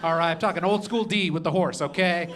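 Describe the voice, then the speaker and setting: A man's voice: high-pitched, brisk, a crowd in the background. A young man doing stand-up on a comedy club stage, punchy, with "okay?" after each joke. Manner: punchy, adds "okay?" and "all right?" after jokes.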